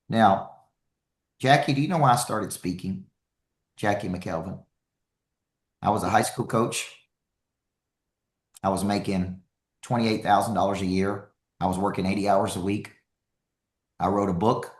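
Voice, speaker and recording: An energetic man delivering a motivational talk to a live crowd, his voice sitting fairly low. He hammers points home by repeating them, and the sound rings around a roomy, echoing hall. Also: normal speed, pauses often. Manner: energetic, emphatic, repeats himself for effect. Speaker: motivational speaker and coach.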